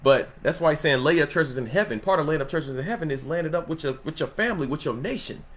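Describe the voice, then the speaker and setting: A man in a relaxed Bible study who teaches the scripture in a loose, conversational way, laughing often and checking in with his listeners. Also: a little high, fast. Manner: loose and conversational, laughs often, asks "you know what I'm saying?".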